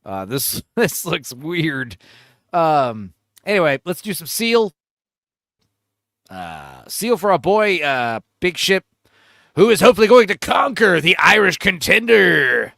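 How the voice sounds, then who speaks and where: A man's voice: on the high side, very animated, slow pace, gravelly, pushed and bright, no echo, studio quality. A man hosting a livestream, telling crude, rambling stories in casual chat. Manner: crude, rambling, joking storyteller. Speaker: livestream host.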